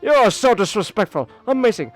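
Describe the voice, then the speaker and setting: A man's voice: high-pitched, sing-song, a little fast, soft background music, voice pushed up. A man voicing a stern, pompous middle-aged father who scolds haughtily. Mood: scolding.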